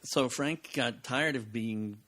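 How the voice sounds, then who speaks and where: An older man, a podcast guest recorded at home, telling animated anecdotes, acting out the voices of people he quotes and laughing often. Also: medium pitch, takes it slowly. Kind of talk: casual anecdotal storytelling.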